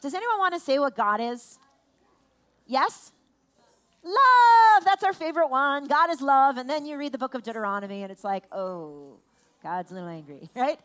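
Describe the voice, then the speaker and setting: A high-pitched woman leads a family service in a playful, animated way, quizzing children and cheering their answers. Her voice sometimes drifts a little away from the microphone in a large room. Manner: animated, playful, exclaiming and asking children questions. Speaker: rabbi leading a family service.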